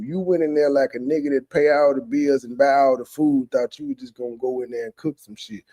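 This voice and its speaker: A man's voice: fairly high pitch, mellow. A man giving casual, profane, mocking commentary on a clip as a streamer, heckling and mimicking the people in it.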